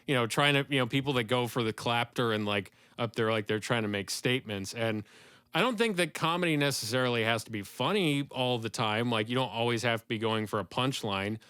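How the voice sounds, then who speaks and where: A man hosting a podcast in casual chat, rambling and enthusiastic and quick to laugh. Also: medium pitch, fairly bright tone, clear, resonant tone, no room sound, clean studio sound. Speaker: podcast host.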